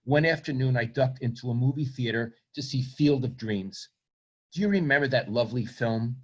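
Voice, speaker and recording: A man's voice: mid-range voice, normal speed, husky. A man, reading from his book and then talking about himself in a reflective, self-deprecating way. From Brooklyn, New York. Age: 70s. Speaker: author.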